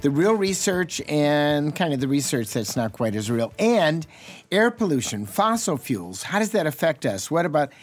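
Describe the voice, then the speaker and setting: A man's voice: a little high, sing-song, normal speed, no room sound. A man, a family doctor co-hosting a radio health show, talking in a chatty, joking, reassuring way. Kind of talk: casual radio health talk. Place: radio studio. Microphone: studio mic.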